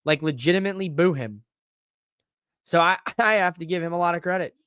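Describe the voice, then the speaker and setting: A man hosting a podcast alone, talking in an excitable, rambling way that swears freely. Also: high voice, brisk, clean tone, no room sound, studio quality. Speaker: podcast host. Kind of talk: casual solo wrestling recap.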